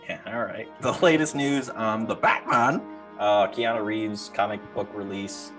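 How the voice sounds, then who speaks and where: Low-voiced guy cracking dry jokes on a podcast, faint music under it. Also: fairly even intonation, a little slow, a bit bright. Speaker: podcast co-host. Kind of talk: casual chat.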